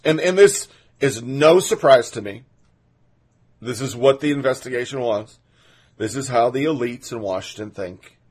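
A male podcast host giving political commentary in a slightly husky voice at an ordinary pitch. He reads quotes aloud and breaks in with sarcastic, indignant asides.

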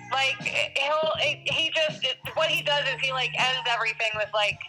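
A woman's voice: high voice, normal speed, pushed and bright, soft background music, rough recording. A woman guest in a casual chat, hesitant and self-deprecating.

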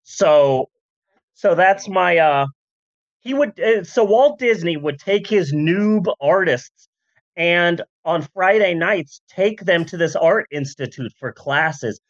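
A comedic podcast host rambling through a story at an unhurried pace, the pitch swinging up and down with every joke and aside. The voice sounds dry and close to the mic. The audio is a bit dull and lo-fi. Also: lively intonation, no room sound. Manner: rambling, jokey, full of asides and voice bits. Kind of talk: comedic history podcast chat.

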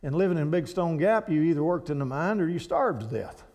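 A man's voice: fairly high pitch, animated, fairly quick, a little mellow. A man from Kentucky with an Appalachian accent, a guest speaker at a church who preaches in a folksy storytelling way. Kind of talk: storytelling sermon.

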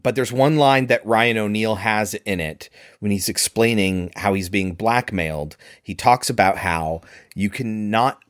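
A man's voice: on the low side, unhurried, few pauses, dry recording, clean studio sound. A man co-hosting a podcast, chatting casually and analytically about a film. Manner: chatty, analytical, acts out quotes. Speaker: podcast co-host.

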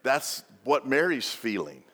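A man's voice: medium pitch, big pitch swings, measured pace, fairly bright tone, big-room sound. Man preaching a humorous sermon. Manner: humorous storytelling with asides. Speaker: pastor. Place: church.

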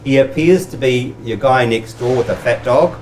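A man's voice: medium pitch, normal speed, a little mellow, slight background noise, low-quality recording. A New man who works at the prison, welcoming visitors and telling a story in a friendly, joking way. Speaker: prison staff member. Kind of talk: casual chat.

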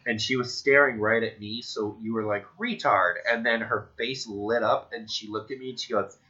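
A man in casual chat, telling stories with wry, deadpan jokes. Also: fairly low pitch, normal speed. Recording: dull lo-fi recording.

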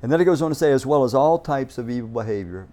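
A male pastor delivers a sermon in a warm, mellow voice. He speaks earnestly and often restarts or repeats words as he builds toward a point. He keeps turning to the listeners with direct questions. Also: mid-range voice, lively intonation, fast talker.

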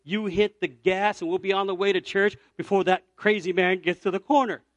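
Male evangelist from Puerto Rico, high voice, dry close sound, storytelling sermon, shifts from loud to hushed. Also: a little fast, no room sound. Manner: animated storyteller, swings from loud cries to near-whispers. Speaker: evangelist preacher.

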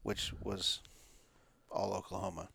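A man's voice: deep voice, completely flat delivery, a little slow, creaky, sharp tone, slightly rough, no echo. A man co-hosting a casual sports podcast who teases and cuts in often. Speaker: co-host.

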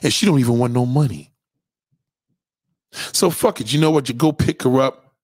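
A man with a mid-range voice and a breathy edge delivers a comedic, profane rant to camera at normal speed, using lots of swearing and street slang. He tells his stories with animation, acting out quoted voices. The recording is dry, with clean studio sound.

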